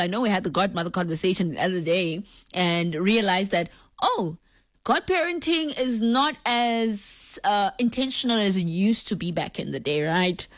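A lively woman hosting a casual talk show. She chats, laughs and reads listener messages aloud. Her voice is mid-pitched and dry, recorded close with no room sound. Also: no room sound. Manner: lively, laughing, acts out family scenes. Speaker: radio talk show host. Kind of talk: casual on-air chat, reading listener messages.

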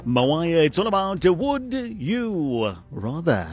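A man hosting a lively morning radio show, mixing English with Zulu slang. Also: a little high, slow pace, over music.

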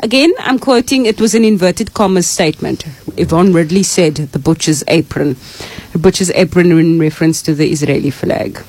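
A woman's voice: lowish voice, moderate pace, few pauses, darkish tone, breathy edge, dry recording. A South African woman co-hosting a casual radio chat, emphatic and repeating words as she thinks. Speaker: radio co-host.

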